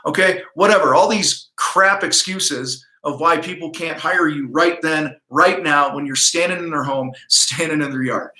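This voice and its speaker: A man's voice: a little high, moderate pace, hardly any pauses, pushed and bright, reverberant. A middle-aged man hosting a livestream coaching talk from his office, blunt, profane and pumped-up. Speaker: host. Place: home office.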